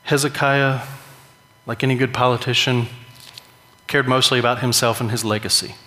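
A man's voice: medium pitch, fairly even intonation, normal speed, sharp tone. Man preaching in a reverberant hall. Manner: conversational, jokey, emphatic rises. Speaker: pastor. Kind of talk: sermon.

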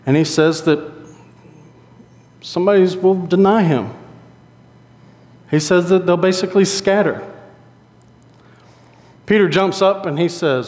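Man, preaching a sermon, fairly high voice, long church reverb. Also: unhurried, long pauses. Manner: conversational storytelling, animated. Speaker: pastor.

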